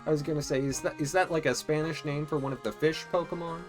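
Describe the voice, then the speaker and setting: A let's play host chatting casually and joking while playing a life-sim game, thinking out loud. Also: medium pitch, fairly even intonation, fast talker, over music. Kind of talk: casual gameplay commentary.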